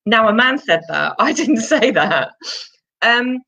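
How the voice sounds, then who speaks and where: A woman's voice: a little high, very animated, takes it slowly, vocal fry, sharp tone, highs cut off. A woman who works as an electrician, talking earnestly as a guest in a casual conversation, often restarting with you-knows.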